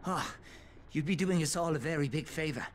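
A man's voice: on the high side, a little fast, natural voice. An actor playing a cheerful, tech-savvy male survivor with a British accent, speaking in a friendly, upbeat way. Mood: briefing.

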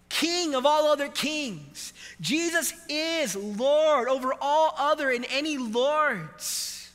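A man preaching a sermon as pastor to a live congregation, animated and emphatic, quizzing the church. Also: very high voice, in a large hall.

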